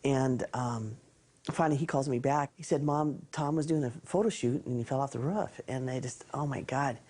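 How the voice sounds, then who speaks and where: A middle-aged mother in a documentary interview, recalling a crisis in an emotional, quick way. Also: rumbling low, darkish tone.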